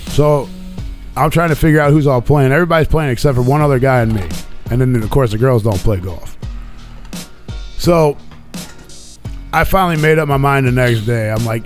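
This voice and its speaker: A man's voice: medium pitch, normal speed, pauses often, faint music behind. A man hosting a radio show, casually telling a long, profane, rambling story about a weekend away. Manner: profane, rambling, laid-back.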